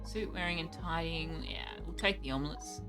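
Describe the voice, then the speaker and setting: A young woman streaming a game, chatting casually and thinking aloud, reacting with quick surprise to what happens. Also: sits low, over music. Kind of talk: casual live gameplay commentary.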